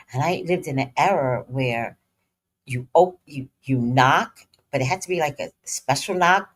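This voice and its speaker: Low-voiced, blunt, profane woman storyteller. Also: breathy edge. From New York. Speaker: vlogger. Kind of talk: casual storytelling commentary.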